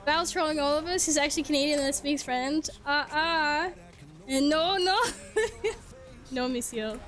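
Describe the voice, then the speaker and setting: A woman's voice: sits high, a little slow, a bit bright. A woman from Sweden, chatting casually on stream through a headset, swearing and laughing often. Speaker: game streamer.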